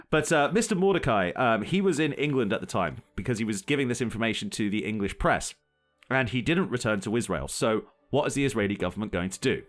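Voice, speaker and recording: Young guy cohosting a chill podcast, middle pitch, laughs a lot while telling stuff. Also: animated, a little fast, faint music behind. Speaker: podcast co-host. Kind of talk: casual conversational podcast.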